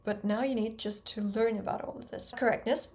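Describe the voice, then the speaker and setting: A woman with a Russian accent who speaks Russian natively, explaining her own accent-training method in quick, precise steps and stressing example sounds. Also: on the high side, steady tone, a little mellow. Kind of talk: explanatory talk to camera.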